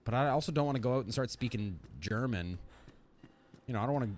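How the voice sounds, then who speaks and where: A man from Canada chatting casually with his livestream chat while playing a survival game, dropping to a quiet murmur when sneaking. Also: medium pitch, expressive, fast, a little hiss or hum. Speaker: streamer.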